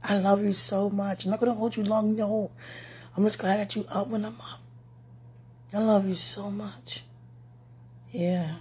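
A woman vlogger rambling affectionately to her viewer in a late-night talk to camera, often trailing off soft. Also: mid-range voice. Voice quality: very husky, breathy.

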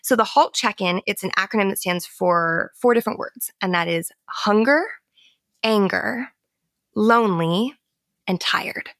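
A young adult woman, a therapist guest on a podcast, explaining things in casual conversation and often dropping her voice to a soft near-whisper. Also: medium pitch, unhurried, dry recording, clean studio sound.

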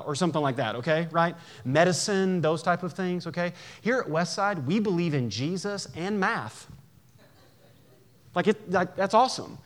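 A man preaching a sermon in a church, conversational and animated, with jokes and acted-out voices. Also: a little high. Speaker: pastor.

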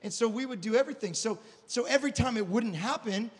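Swept along by his story, this thirtysomething pastor preaches fast in a high, animated, slightly rough voice, dropping to confessional whispers and then erupting into shouts. He trips over words, doubles back, and begins lines anew again and again, while the church hall's long echo trails each phrase.

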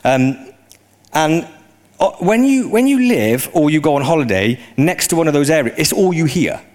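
A man preaching a sermon in a conversational way, often rising into animated emphasis. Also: a little high, normal speed.

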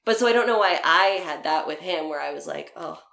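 A woman's voice: sits low, animated, a little fast, vocal fry, fairly bright tone. A young woman telling a story in casual conversation, laughing often and acting out the dialogue. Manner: chatty, laughs often, acts out quoted dialogue. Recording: roomy echo.

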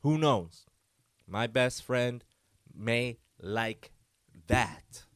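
A man hosts his podcast alone, telling a rambling story in a casual, animated way. His voice is smooth and clear, recorded dry and close with no room sound. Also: mid-range voice, very slow, no echo. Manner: animated, loose storytelling full of fillers and quoted voices. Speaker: podcast host.

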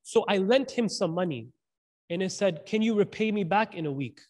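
A man's voice: high-pitched, normal speed. A man preaching a casual sermon, telling stories in slangy speech and acting out the quotes. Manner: slangy, animated, acts out quotes, frequent "like". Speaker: Islamic preacher.

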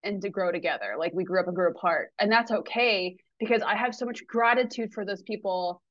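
A woman's voice: medium pitch, brisk, a bit bright, dry recording. A woman guest talking candidly and with animation in a casual podcast conversation, swearing now and then. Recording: slightly muffled, dry.

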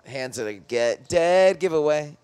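A man's voice: fairly high pitch, expressive, a little slow, a little mellow, clean tone, dry recording. A young man co-hosting a podcast in loose, rambling casual chat, full of slang and swearing. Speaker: podcast co-host.

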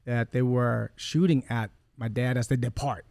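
A man's voice: mid-range voice, fairly even intonation, normal speed, vocal fry, darkish tone, no echo. A man in his forties, a guest telling a personal story in a conversation, earnest and rambling, often correcting himself as he goes. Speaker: podcast guest.

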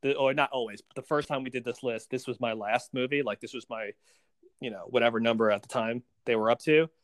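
A man co-hosting a casual movie-ranking podcast, rambling with restarts and getting animated when poking fun. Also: medium pitch, fast talker, dry recording. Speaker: podcast co-host.

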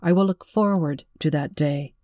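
A narrator voicing a restrained, tender young man who speaks softly and earnestly, holding back tears, in an audiobook reading. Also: a little high, normal speed, no room sound, studio quality, close to an everyday voice.

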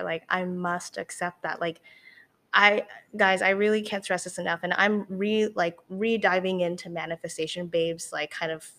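A young woman talking candidly as a podcast guest, animated, with lots of fillers and the odd swear. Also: fairly low pitch. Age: young adult. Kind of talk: candid casual chat.

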